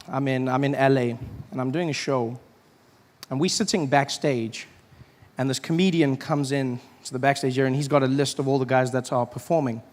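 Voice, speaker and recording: A man from South Africa doing stand-up, telling stories in an animated, playful way and slipping into the voices of the people in them. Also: mid-range voice. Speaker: stand-up comedian. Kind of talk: stand-up storytelling. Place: large venue with a live audience. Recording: long hall reverb.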